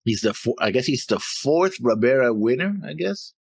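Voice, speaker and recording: A man's voice: medium pitch, expressive, moderate pace, creaky, husky, no echo. A man co-hosting an anime reaction show, chatting casually and reading episode notes in a rambling, jokey, stumbling way.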